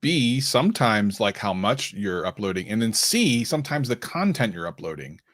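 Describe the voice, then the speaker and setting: A man's voice: lowish voice, big pitch swings, moderate pace, a bit bright. A man co-hosting a casual livestream question-and-answer session, chatty and jokey, with many fillers and restarts. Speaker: co-host.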